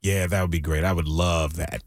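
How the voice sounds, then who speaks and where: A man's voice: sits low, steady tone, a little fast, no room sound. A man co-hosting a radio show from the studio, chatting casually and laughing easily. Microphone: studio microphone.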